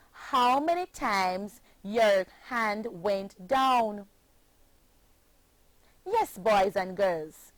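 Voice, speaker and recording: A woman's voice: medium pitch, dry recording, rough recording. A Jamaican woman teaching children a pronunciation lesson, chanting phrases and spelling words out letter by letter. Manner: slow, sing-song chanting with patient spelling out.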